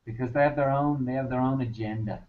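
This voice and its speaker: A man co-hosting a podcast in casual chat, calm and measured with light teasing. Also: mid-range voice. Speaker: podcast co-host. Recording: slightly muffled lo-fi.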